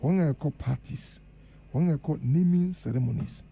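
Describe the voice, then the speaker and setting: A man's voice: fairly high pitch, moderate pace, vocal fry, dark tone, slightly rough. A Ghanaian man speaking as the guest professor on a radio panel, earnest and emphatic, switching between Twi and English. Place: radio studio.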